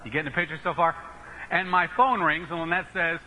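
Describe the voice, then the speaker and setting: Emphatic, bright-voiced preacher man. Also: a little high, fast talker, low-quality recording. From northeastern United States. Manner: animated, emphatic, self-mocking storyteller. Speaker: Baptist preacher. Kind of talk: sermon storytelling.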